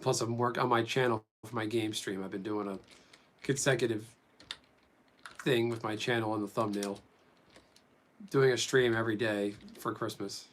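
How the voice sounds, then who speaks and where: A man's voice: on the low side, fairly even intonation, moderate pace, pauses often, slight background noise. A man chatting casually with viewers during a live stream, rambling as he reads and answers them.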